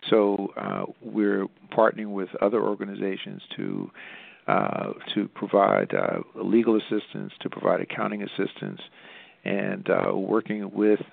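A man from a nonprofit answering interview questions, speaking haltingly with many restarts and fillers. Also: lowish voice, monotone, gravelly, no room sound. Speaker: nonprofit representative. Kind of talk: interview over the phone. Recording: tinny phone line.

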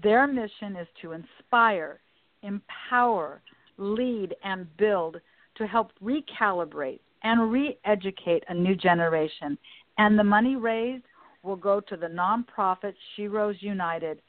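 A woman's voice: medium pitch, a little slow, dry recording. Upbeat female radio host, effusive delivery, phone-line sound. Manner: enthusiastic, effusive. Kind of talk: talk radio interview. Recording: dry phone-line sound with faint music.

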